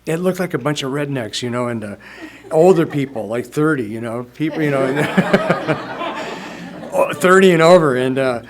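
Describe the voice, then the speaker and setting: A man's voice: on the high side, animated, moderate pace, background noise. A man in his sixties telling his own story at a recovery meeting, casual and rambling, chuckling as he goes. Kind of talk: personal storytelling testimony.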